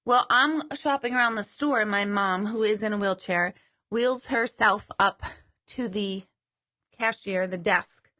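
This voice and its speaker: A woman's voice: mid-range voice, a little slow, pushed and bright. A woman hosting a live stream as a psychic medium. She chats casually, mocks herself and swears now and then. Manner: chatty, self-deprecating, swears casually.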